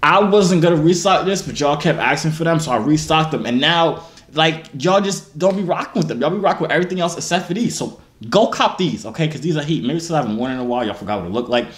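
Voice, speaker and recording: A man's voice: on the high side, animated, fast talker, hardly any pauses, echoey room. A twenty-year-old man from New Jersey, a YouTuber, boasting and joking in slangy casual banter on a phone video chat.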